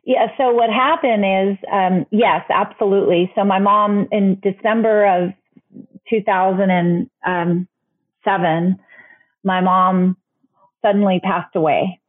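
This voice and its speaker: A woman's voice: mid-range voice, steady tone, a little slow. A middle-aged woman, an interview guest, telling a personal story candidly with many restarts and fillers. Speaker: guest, author. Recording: phone-like remote line.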